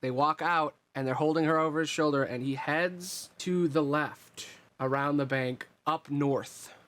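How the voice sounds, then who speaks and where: A man narrating as game master of a tabletop role-playing game, describing scenes in a relaxed, meandering way with fillers. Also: fairly high pitch, measured pace.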